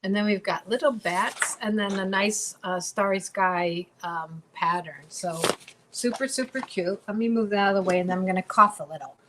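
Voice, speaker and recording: A woman's voice: medium pitch, normal speed, heavy background noise. A woman co-hosting a casual craft tutorial, bubbly and chatty, often repeating her words as she works. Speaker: craft demonstrator and co-host.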